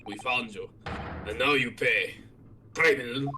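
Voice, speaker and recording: A man putting on a mock Russian accent to read the lines of a stern, menacing ship inspector, full of gruff threats. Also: medium pitch, a little slow, recorded from a distance, background noise, close to an everyday voice.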